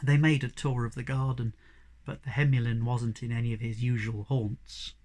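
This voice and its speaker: A reader giving an expressive storybook reading aloud. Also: mid-range voice, moderate pace. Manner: expressive, varied delivery.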